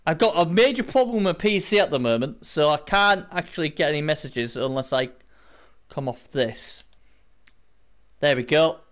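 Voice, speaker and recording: A man's voice: sits high, fairly bright tone. Rambling man commentating a stream. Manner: rambling, chatty, greets chat viewers mid-commentary. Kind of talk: casual live-stream commentary.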